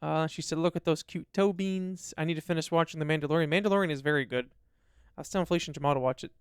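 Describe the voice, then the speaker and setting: A man's voice: on the high side, very fast, clean tone, no room sound, clean studio sound. A man co-hosting a casual podcast, reading listener comments aloud and chatting about them. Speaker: podcast co-host. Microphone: studio dynamic mic.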